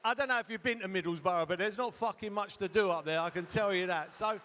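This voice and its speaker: A man's voice: high-pitched, fast, a bit bright. A middle-aged man on a hotel ballroom stage telling a rambling comic story with swearing and asides. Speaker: guest storyteller. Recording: hall reverb at a live event.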